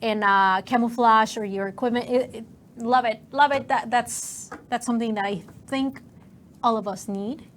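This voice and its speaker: A woman's voice: on the high side, steady tone, moderate pace, slight background noise. A woman co-hosting a game stream in casual, upbeat chat.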